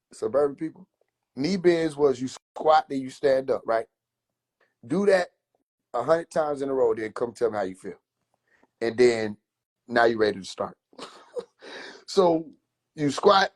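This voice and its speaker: A man livestreaming from his phone, casually telling animated, profane childhood stories and laughing between lines. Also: mid-range voice. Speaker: comedian livestreamer. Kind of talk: casual comedic storytelling.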